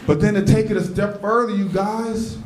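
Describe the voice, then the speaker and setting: A man doing a live stand-up set in a comedy club, telling a story in an animated way. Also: high voice, normal speed, roomy sound, background noise. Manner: animated, storytelling, laughing at his own jokes.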